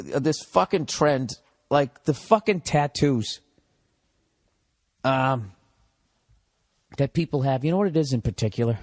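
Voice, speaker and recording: On his solo podcast, a middle-aged man with a Boston accent delivers a comedic rant, profane and sarcastic, posing questions and answering them himself. His voice is mid-range, and the studio-quality recording has no room sound.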